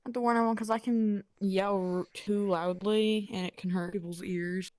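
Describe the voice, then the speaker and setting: A woman's voice: mid-range voice, steady tone, normal speed, darkish tone, no room sound. A woman answering interview questions in short, hesitant replies. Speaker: interview guest. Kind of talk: casual interview.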